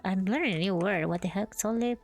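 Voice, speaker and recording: A young woman streaming a game, chatting casually and greeting her viewers warmly. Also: mid-range voice, fast, faint music behind. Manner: bubbly, greets chat warmly. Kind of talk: casual chat while gaming.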